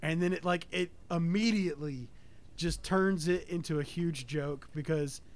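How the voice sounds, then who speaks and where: A man talking casually about a film with friends, animated and quick to laugh. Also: on the high side.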